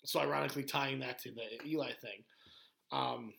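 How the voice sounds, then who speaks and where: A man's voice: medium pitch, steady tone, normal speed, vocal fry, sharp tone. A man, a former pro wrestler, rambling through stories in casual podcast chat with lots of fillers and laughter.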